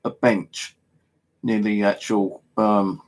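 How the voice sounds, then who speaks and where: A man's voice: lowish voice, fairly even intonation, slow pace. A man with an English accent telling a rambling, casual story, heavy on fillers and swearing. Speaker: paranormal vlogger. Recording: home video monologue.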